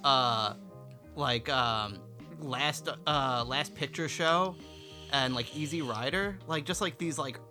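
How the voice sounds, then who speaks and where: A man's voice: medium pitch, takes it slowly, bright, forceful tone, soft background music. A young man co-hosting a podcast, laid-back and defensive, laughing and using lots of fillers in casual banter. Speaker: podcast co-host.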